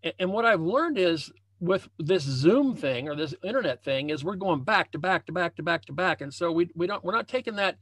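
A man's voice: high-pitched, expressive, normal speed, a bit bright, no echo. A man, a leadership coach, giving a motivational talk over a video call. He speaks conversationally from a home room, repeating phrases and restarting often. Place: home room with a banner hung as backdrop.

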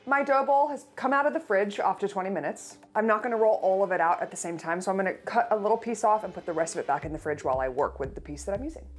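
A woman's voice: mid-range voice, expressive, fast, hardly any pauses, faint music behind. A woman, hosting a casual baking tutorial, chatty and playful with jokey asides. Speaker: host of a baking show.

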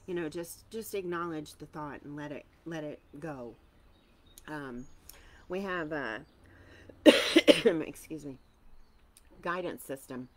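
A woman with a low, husky-edged register runs a casual live tarot reading. She chats with viewers, fills pauses with ums, and fights a tickled throat. Her tone is warm and informal. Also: slight background noise. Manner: chatty, greets viewers by name, frequent ums. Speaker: tarot reader.

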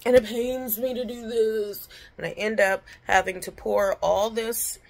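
A woman's voice: a little high, fairly even intonation, measured pace. A woman chatting bluntly in a casual home vlog from her kitchen, swearing freely and talking with her lips barely open. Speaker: vlogger.

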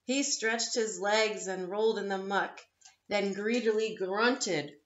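Lady doing online story time, slow and kinda high, playful, echoey room, a bit muffled. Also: expressive. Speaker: librarian reading for story time. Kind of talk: reading a picture book aloud to children. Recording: echoey, slightly dull room.

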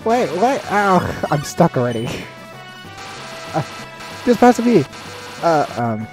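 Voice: mid-range voice, very animated, takes it slowly. A gamer giving casual, giggly gameplay commentary with many fillers and distracted asides. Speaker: let's play gamer. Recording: faint game music behind.

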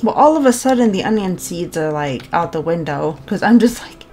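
A woman hosting a let's-play of a cozy farm game, chatting casually, bubbly, giggly and easily excited. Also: on the low side, normal speed, hardly any pauses, faint music behind. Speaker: gaming channel host.

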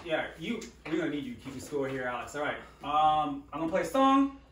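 A man hosting a live comedy game show, jokey and quick to undercut his own jokes. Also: fairly high pitch, big pitch swings. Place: live show in a roomy venue. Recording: echoey room, mic far off, noisy.

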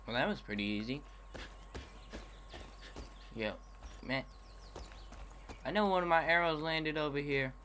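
A man's voice: on the high side, expressive, a little slow, long pauses, pushed and bright, slight background noise. A young man casually commenting while playing a game, laid-back and self-mocking, calling people bro. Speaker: gaming youtuber. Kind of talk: casual let's-play commentary.

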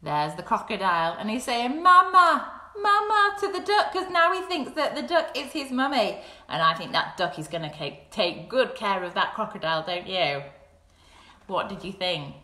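A woman, reading a picture book aloud on a live stream for young children. She is animated and drops into soft whispers and squeaky sound effects. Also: normal speed. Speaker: children's storyteller. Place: home kitchen. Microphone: camera set up in front of her. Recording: roomy home room echo.

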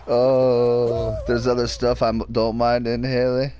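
A man's voice: mid-range voice, mellow, slight background noise. A young man giving casual, joking commentary while streaming a game, rambling and snapping at teammates now and then.

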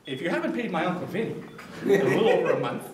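A man's voice: sits high, lively intonation, rapid-fire, crowd noise. A man giving a humorous prepared speech at a club event, telling a story with comic timing. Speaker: toastmasters speaker. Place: restaurant dining room at a club event. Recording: echoey room, distant mic, background noise.

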